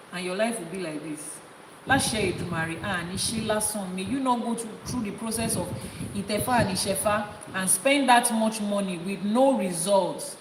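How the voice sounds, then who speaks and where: A woman's voice: medium pitch, far from the mic. Emphatic Nigerian woman teaching in echoey hall. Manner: emphatic, repeats key points for stress. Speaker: Ifa priestess and teacher. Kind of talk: spiritual teaching talk. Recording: echoey hall with background noise.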